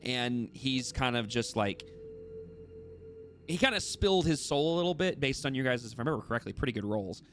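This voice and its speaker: A man's voice: medium pitch, animated, fairly quick, soft background music. A man narrating as dungeon master for a tabletop game, rambling with many fillers and restarts.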